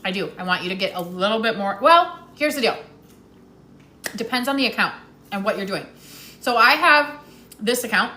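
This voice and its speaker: A woman's voice: medium pitch, animated, moderate pace, long pauses, sharp tone, reverberant, a little hiss or hum. A woman hosting a live stream with casual tips, chatty and laughing often, talking while she eats.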